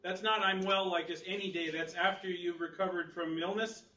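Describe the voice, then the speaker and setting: A man's voice: high-pitched, steady tone, moderate pace, pushed and bright. A man in a language class carefully asking for a word to be clarified. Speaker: student. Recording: distant, echoey, dull sound.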